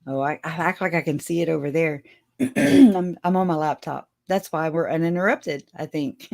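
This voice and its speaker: A woman's voice: deep voice, animated, normal speed, vocal fry, a little mellow. A woman hosting a casual livestream, chatting with her viewers and laughing often as she talks. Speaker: livestream host.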